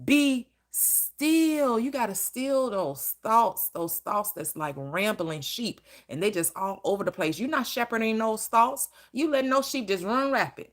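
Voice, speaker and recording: Lively, emphatic woman preaching. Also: on the high side, a little slow, hardly any pauses. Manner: emphatic, preacherly, swings into acted quotes and repetition. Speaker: manifestation teacher. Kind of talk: preaching-style motivational talk.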